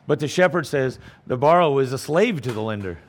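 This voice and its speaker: A man's voice: medium pitch, expressive, brisk. A middle-aged male pastor preaching a sermon in an emphatic, conversational way, full of rhetorical questions.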